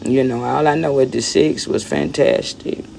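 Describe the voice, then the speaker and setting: A woman's voice: extremely low pitch, big pitch swings, moderate pace, creaky, a little mellow, slight background noise. A woman ranting bluntly on a phone livestream, rambling and repeating herself as she talks straight to her viewers. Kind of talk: casual livestream rant.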